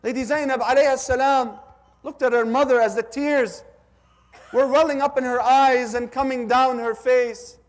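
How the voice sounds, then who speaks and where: A man delivering a mourning sermon, telling a story slowly and urging the audience to repeat lines after him. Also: very high voice, steady tone. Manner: slow, drawn-out, urges the audience to repeat lines. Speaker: speaker at a religious gathering. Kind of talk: mourning sermon with call-and-response.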